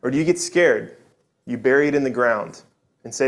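A man's voice: mid-range voice, normal speed. A man preaching a sermon in an earnest, conversational way, with frequent restarts and asides to the congregation.

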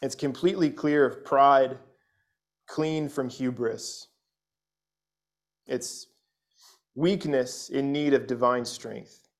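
A man's voice: mid-range voice, steady tone, slow pace, pauses often. A man preaching an expository sermon, earnest, often repeating words and checking in with "right?", and reading scripture aloud with feeling. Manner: reads scripture aloud expressively. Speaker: pastor.

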